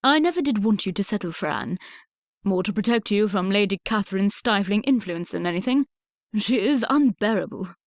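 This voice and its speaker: A woman reading an audiobook, voicing a blustering older Regency father who speaks in a booming, brusque and emphatic way. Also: animated, normal speed, no room sound, studio quality, natural voice. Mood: confiding.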